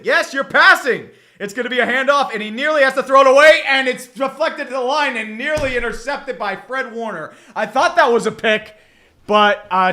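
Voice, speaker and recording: This man's voice is high, pushed and bright as he streams live commentary on a game he's watching. Exasperated and sarcastic when his team plays badly, he rambles, swears often, and fills the air with fillers and repeated groans.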